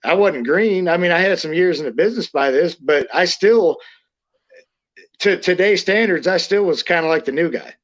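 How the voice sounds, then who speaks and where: A middle-aged man recounts old backstage stories in a casual interview, blunt and profane, often restarting his sentences. His voice sits a little high for a man. The recording sounds dull and lo-fi. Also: normal speed. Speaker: interview guest, former wrestler. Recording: lo-fi muffled audio.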